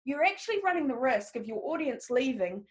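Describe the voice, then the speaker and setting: High-voiced upbeat New woman trainer. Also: big pitch swings, brisk. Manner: upbeat, encouraging, talks straight to the audience. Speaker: presentation skills trainer. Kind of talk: live webinar teaching.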